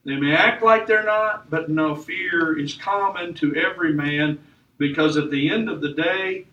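A man's voice: on the high side, fairly bright tone, muffled recording. A man preaching a sermon in a church, with emphatic delivery that rises and falls. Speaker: pastor. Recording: echoey church room from far off.

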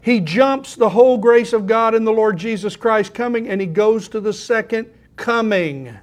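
A man's voice: high voice, moderate pace. An older man preaching a sermon, shifting from conversational asides to emphatic scripture reading. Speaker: pastor.

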